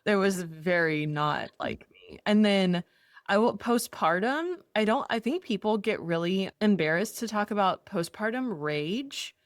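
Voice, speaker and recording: A woman's voice: medium pitch, unhurried, no echo, studio quality. A woman in her thirties co-hosting a podcast, telling candid personal stories in a casual, self-deprecating chat. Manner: candid, animated storytelling with self-deprecating humor. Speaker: podcast co-host.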